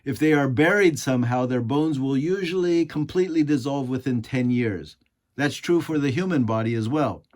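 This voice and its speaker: A man's voice: mid-range voice, moderate pace. A man from the United States reading scripted political commentary, sarcastic and indignant, full of rhetorical questions. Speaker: commentary host.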